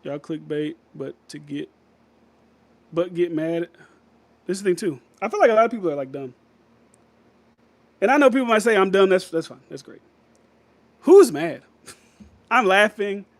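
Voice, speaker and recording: A man's voice: sits high, lively intonation, normal speed, long pauses, no room sound. A man hosting a casual livestream, rambling loosely, laughing often and reading viewer comments aloud. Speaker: livestream host reading chat.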